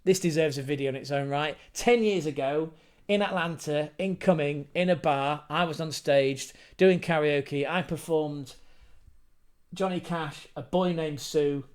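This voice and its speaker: A man from England chatting casually to camera about football, swearing freely and wandering into rambling asides. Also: on the high side. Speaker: football vlogger.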